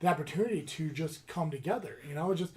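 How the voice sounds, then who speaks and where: A podcast host chats in a loose, rambling way, full of fillers and restarts. He has a fairly high voice with lively intonation and talks fast.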